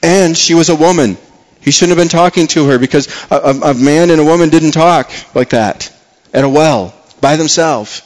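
At a moderate pace, a man preaches a sermon as pastor. He's earnest, repeats words for emphasis, and drops soft and low on important phrases.

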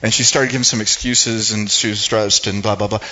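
A man's voice: fairly low pitch, level tone, a little fast, sharp tone, lo-fi sound. An older man giving a personal storytelling sermon. He talks in a rambling, conversational way with many restarts and asides. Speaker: speaker giving a devotional talk.

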